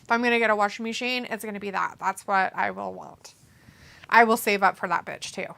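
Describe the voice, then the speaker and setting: A woman's voice: medium pitch, fairly even intonation, brisk, creaky, a bit bright. A woman chatting casually at home during a watch-along, blunt and swearing freely. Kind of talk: casual chat. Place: home, indoors.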